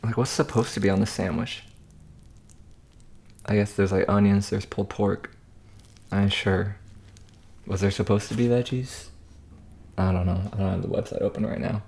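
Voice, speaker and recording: A man's voice: lowish voice, steady tone, moderate pace, gravelly, long pauses, darkish tone, a little hiss or hum. A man casually telling a story in slang between bites of food, as a food vlogger. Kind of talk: casual mukbang chat.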